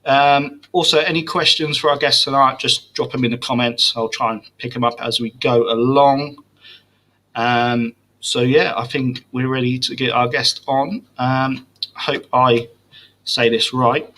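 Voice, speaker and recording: A man's voice: mid-range voice, steady tone, a little slow, bright, forceful tone. A man hosting a casual livestream podcast, easygoing and friendly. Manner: easygoing, friendly, says "mate". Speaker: podcast host.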